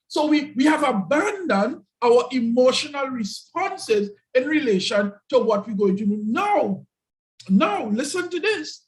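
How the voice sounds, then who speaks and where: A man's voice: very high-pitched, expressive, measured pace, low-quality recording. A man giving an emphatic motivational talk over a video call, often repeating his key phrases. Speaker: guest speaker.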